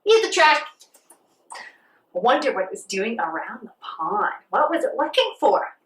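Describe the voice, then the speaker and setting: Brief: high-voiced woman, kids' yoga teacher, playful and sing-song, heard from afar with a roomy echo. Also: a little slow, far from the mic, a little hiss or hum. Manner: animated, sing-song, talks to a child. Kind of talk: playful children's yoga lesson. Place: outdoors on a farm.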